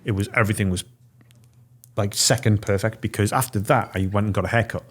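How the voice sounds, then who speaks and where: A man in his forties with a low voice tells a story in a casual podcast chat. He lays it out step by step and drops into the voices of the people he meets as he quotes them. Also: fairly even intonation, brisk. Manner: vivid storyteller, acting out quoted dialogue. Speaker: podcast guest.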